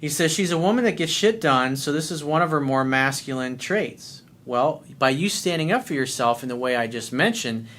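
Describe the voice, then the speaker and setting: A man's voice: fairly high pitch, lively intonation, normal speed, few pauses, a bit bright. A man working as a dating coach, answering a listener's letter in a blunt, profane way and acting out little scenes.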